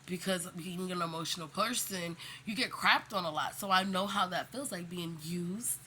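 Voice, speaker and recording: A woman talks straight to her viewers in a loose, candid monologue. She is emphatic and slangy and rambles with plenty of fillers. Her tone is bright and forward, and a faint hum of background noise sits behind her. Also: on the low side, moderate pace. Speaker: vlogger.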